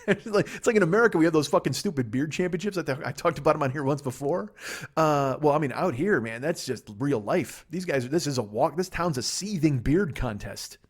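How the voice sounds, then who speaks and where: A man's voice: fairly high pitch, expressive, brisk, breathy edge. A man hosting a solo comedy podcast, rambling and profane, with a sarcastic edge. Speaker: podcast host. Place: seated at a table.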